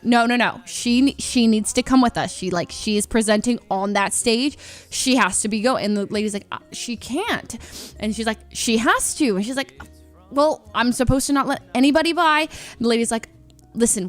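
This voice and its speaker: A woman streamer tells a story in a loose, chatty way, slipping into quick impressions of the people she met. Her voice sits at an everyday middle pitch. Soft music plays faintly underneath. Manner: chatty, acts out quoted people, lots of "like". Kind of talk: casual storytelling.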